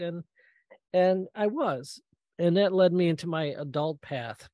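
A middle-aged man giving a storytelling talk, lively and acting out the voices he quotes, with frequent ums and uhs. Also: sits high, a little slow, no room sound. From Michigan, US. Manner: animated, acts out quoted voices, many fillers. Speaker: guest speaker.

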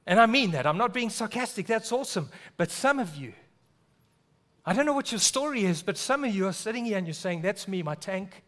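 A man from South Africa preaching a sermon in church, earnest, often dropping to a hushed, low voice on key words. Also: animated, a little fast. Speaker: pastor.

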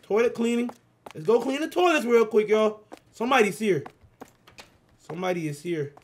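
A man giving excitable, slangy commentary on a horror game, talking straight to his viewers and reading out the game's lines. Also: high voice, moderate pace, slight background noise. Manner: excitable, slangy, talks to viewers, reads game dialogue aloud. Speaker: gaming YouTuber.

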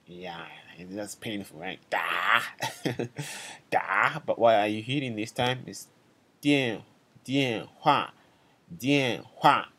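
Husky-voiced man teaching a language. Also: mid-range voice, a bit bright. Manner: patient, repeats phrases slowly, checks in with "right?" and "okay?". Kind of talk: casual language lesson.

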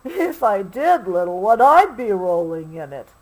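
A woman doing a soft, sighing kindly elephant. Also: mid-range voice, very animated, unhurried, low-quality recording. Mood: motherly. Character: big kindly female elephant. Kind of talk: storybook read-aloud.

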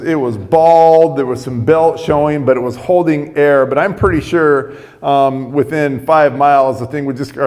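A man's voice: mid-range voice, a little mellow, in a large hall. A man preaching a sermon, telling a story conversationally with frequent restarts.

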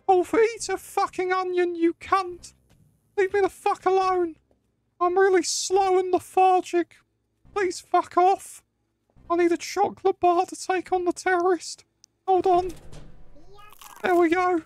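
A man putting on a crude, cranky lady's voice in a high falsetto, swearing often. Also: no echo. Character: shrill put-on lady, crude and cranky.

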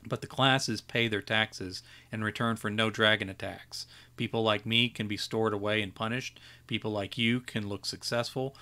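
A jaded old wizard, read by a man, grumbles through a dismissive lecture in a lowish voice. He sounds worn out and gruff, with little patience left. It is a plain storybook reading. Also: fairly even intonation, normal speed, hardly any pauses, bright, forceful tone. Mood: weary.

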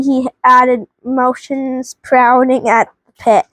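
A woman's voice: high-pitched, flat delivery, slow pace, no echo. A woman hosting a family vlog, reading a children's book aloud with frequent stumbles and restarts.

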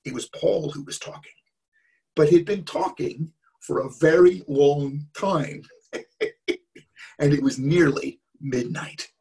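A man's voice: on the high side, slow pace, vocal fry, pauses often, warm tone, husky. A man telling an interactive story to an all-age church audience and cueing them to act along. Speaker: guest storyteller. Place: church service.

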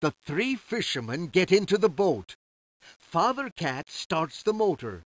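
A man narrating a children's storybook game in a slow, cheerful, clear way. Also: high voice, big pitch swings, a bit bright, dry recording.

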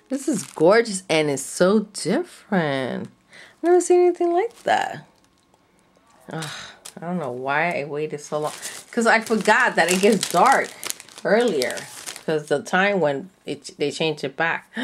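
A woman chatting casually as she unboxes craft supplies, gushing and gasping with delight over each item. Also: sits low. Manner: gushing, breathy gasps and delighted exclamations. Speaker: craft vlogger.

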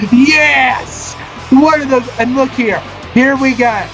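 A man with a very high voice calls a wrestling video game like a play-by-play commentator. He draws his words out slowly, then bursts into shouts and cheers with boundless excitement. Loud game music plays under him. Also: vocal fry, poor audio. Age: adult, a parent. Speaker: gaming channel host.

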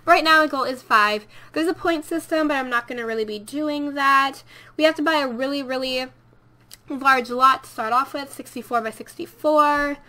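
A woman's voice: high-pitched, pushed and bright. A woman hosting a let's play video, talking casually over her gameplay in a chatty, rambling way and correcting herself as she goes.

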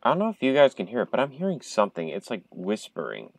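A man on a headset at home, playing a horror game in casual commentary, jumpy and chatty with viewers, breaking into loud startled outbursts. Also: mid-range voice, wildly swooping pitch, fast, gravelly, no room sound, poor audio. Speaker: gamer streaming a horror game.

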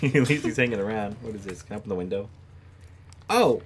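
A man narrates his own horror game playthrough in loose, chatty commentary, laughing often and startling easily. His voice swings widely in pitch. A steady hiss of noise sits under the recording. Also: fast talker. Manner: giggly, jittery, talks to the screen. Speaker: gamer playing a horror game. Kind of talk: casual let's-play commentary. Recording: noisy home recording.

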